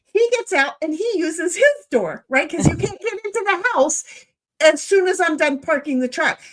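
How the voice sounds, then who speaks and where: High-pitched middle-aged woman, chatty livestream host, rambling storyteller. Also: moderate pace. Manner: chatty, rambling, animated, checks in with "okay?". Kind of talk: casual storytelling chat.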